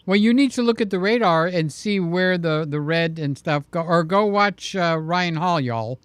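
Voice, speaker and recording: Jokey guy hosting a livestream, clean smooth voice, dry close sound. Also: high voice, normal speed, no echo. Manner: chatty, jokey, acts out voices in stories. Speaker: livestream host. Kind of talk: casual live-stream chat.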